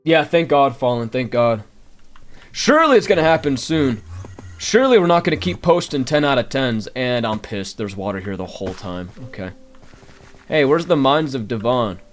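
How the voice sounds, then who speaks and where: A man's voice: medium pitch, moderate pace, faint music behind. A man doing live gameplay commentary, grumbling and talking to his chat. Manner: animated, grumbling, talks to chat. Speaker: game streamer.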